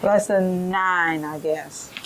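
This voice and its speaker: Woman teacher trainer, unhurried, a little low-pitched, modelling rhymes, faint room hiss. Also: steady tone, a bit bright, poor audio. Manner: slow, explanatory, models children's rhyming drills aloud.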